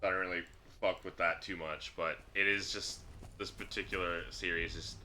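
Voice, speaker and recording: A man's voice: low voice, flat delivery, normal speed, bright, forceful tone, slight background noise. A man streaming a game, chatting casually in a rambling, crude, filler-heavy way. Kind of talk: casual gaming stream chat. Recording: game music under voice.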